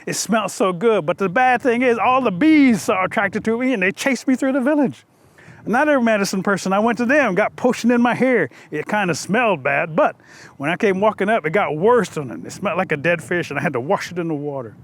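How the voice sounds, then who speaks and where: A man's voice: high voice, lively intonation, brisk, fairly bright tone, no room sound. A storyteller playing a shy, lovesick young man who talks in a pleading way.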